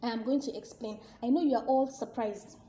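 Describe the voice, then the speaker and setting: A woman's voice: on the high side, fairly quick, dark tone, slight background noise, lightly acted. Woman doing a stern, commanding old king. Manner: commanding, formal. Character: stern wise male king of a village kingdom.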